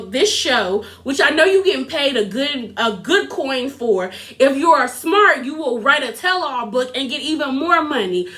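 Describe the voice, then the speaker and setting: Young woman, high bright voice, sassy animated recap chatter. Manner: animated, sassy, laughs often, quotes others in put-on voices. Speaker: reality TV recap vlogger. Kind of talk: casual recap commentary.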